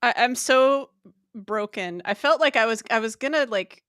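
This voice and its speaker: Lady co-host chatting on a stream call, highish voice, dry sound, laughs a lot and rambles. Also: moderate pace, fairly bright tone, dry recording. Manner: laughs often, rambling storytelling. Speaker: podcast co-host. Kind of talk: casual chat. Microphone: remote livestream call.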